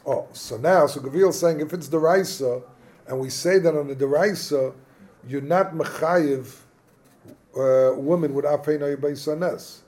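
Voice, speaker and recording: A man leading a Talmud study class, explaining the text animatedly and thinking aloud with quick restarts. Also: a little high, a little mellow. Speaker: Talmud teacher.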